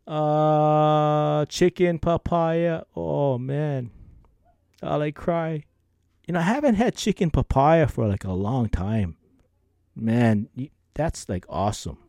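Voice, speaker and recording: Laid-back Hawaiian Pidgin man, slow talk. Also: on the high side, vocal fry, a little mellow, no room sound, clean studio sound. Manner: laid-back, laughs often, playful. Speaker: podcast host reading listener emails. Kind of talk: casual chat.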